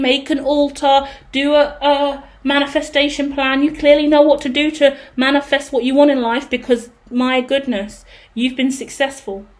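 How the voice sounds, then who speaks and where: A woman giving a tarot reading, blunt and profane with dramatic outbursts. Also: high-pitched. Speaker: tarot reader. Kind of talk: casual tarot reading monologue.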